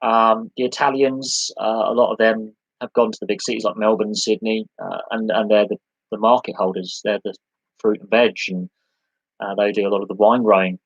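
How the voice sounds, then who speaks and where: A man hosts a live sports podcast Q&A, talking loosely and at length, piling up lists and restarting his sentences. His voice sits fairly low and sounds slightly husky. The recording is close and dry. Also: little pitch movement, fairly quick, no room sound, muffled recording. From United Kingdom. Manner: rambling, conversational, with many restarts and lists.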